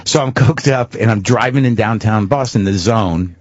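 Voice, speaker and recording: A man's voice: on the low side, normal speed, dry recording. A man telling candid, self-mocking stories as a comedian guest on a talk show, with frequent restarts and swearing. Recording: dull lo-fi radio broadcast.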